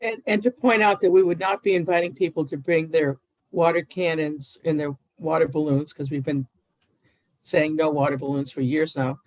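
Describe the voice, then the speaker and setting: A woman presenting a plan at a public town meeting, working from her notes with frequent hesitant pauses. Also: low-pitched, steady tone, darkish tone, no echo, rough recording.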